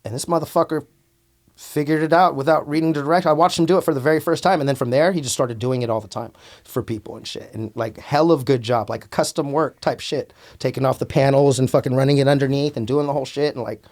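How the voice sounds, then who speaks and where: A man telling stories as a podcast guest, animated and profane, calling the host "bro" a lot. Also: mid-range voice, fast talker. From Antioch, California. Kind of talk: casual storytelling.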